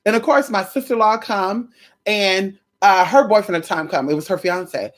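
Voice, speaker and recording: A woman's voice: medium pitch, normal speed. Sassy, gossipy woman telling a story. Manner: sassy, gossipy, swears freely, talks to viewers as "girl"; dramatic, expressive delivery. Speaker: vlogger. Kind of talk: casual storytelling vlog.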